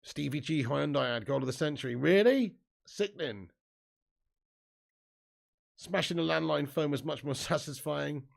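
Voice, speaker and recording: A man's voice: a little high, normal speed, vocal fry, long pauses. A man hosting a live football watch-along, commenting on play and casually reading viewer comments aloud with plenty of swearing.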